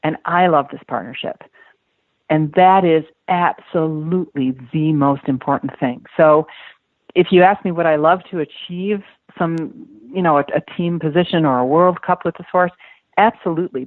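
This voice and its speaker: A woman's voice: low voice, normal speed, no room sound. A woman in her fifties, a dressage rider guesting on a podcast, talking earnestly and emphatically and repeating words, heard over a phone-like line. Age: 50s. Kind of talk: podcast interview.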